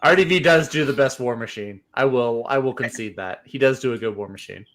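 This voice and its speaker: A man co-hosting a casual livestream chat about comics, animated and quick to laugh, often restarting his sentences. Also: medium pitch, slight background noise. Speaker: co-host.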